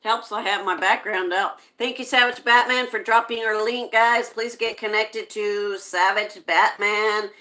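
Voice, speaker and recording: A woman's voice: mid-range voice, fairly even intonation, bright, forceful tone. A woman from the United States hosting a livestream, chatting casually and reading viewer comments aloud. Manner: slow, chatty, reads comments aloud with frequent laughs. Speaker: livestream host reading chat.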